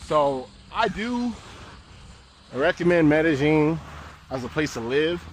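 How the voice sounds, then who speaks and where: A young American man vlogging outdoors, talking in a slangy, laid-back, animated way as he walks city streets. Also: a little high, slow pace, soft background music. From United States. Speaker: travel vlogger. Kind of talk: casual walk-and-talk vlog.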